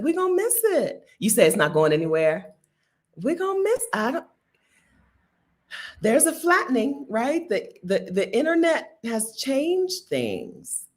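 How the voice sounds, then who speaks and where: Host, woman in her fifties from Delaware; emphatic casual commentary, lively swooping pitch, laughs often. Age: 50s.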